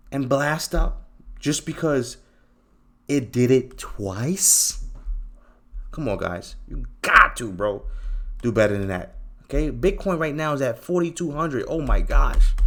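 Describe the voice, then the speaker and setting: A man hosts a trading channel and talks his viewers through the charts in a loose, casual way. His voice sits at an ordinary middle pitch. He is animated and teasing, uses plenty of slang, and repeats phrases for emphasis. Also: slow, pauses often.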